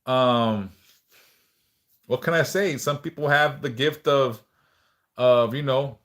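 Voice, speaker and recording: Man, livestream host, casual prayer talk, relaxed, occasional word repeats, swears. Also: mid-range voice, takes it slowly. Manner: relaxed, swears casually, reads chat aloud; speaks of stuttering, some word repeats.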